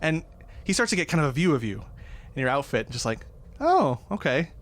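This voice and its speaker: A man's voice: mid-range voice, lively intonation, fast talker, a bit bright. A man narrating a tabletop game as dungeon master, in a loose, rambling way.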